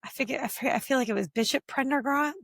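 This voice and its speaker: A woman from Delaware County, Pennsylvania, co-hosting a casual chat over drinks, reacting quickly and laughing often. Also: sits high, fairly bright tone, dry recording, clean studio sound. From Delaware County, Pennsylvania, USA. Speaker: podcast co-host.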